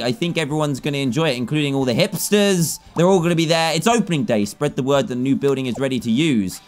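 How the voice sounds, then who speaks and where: Brief: upbeat male gaming YouTuber, twenties, lively swooping voice, faint game music under it. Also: on the high side. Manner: excitable, jokey, laughs often. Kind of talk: let's play commentary.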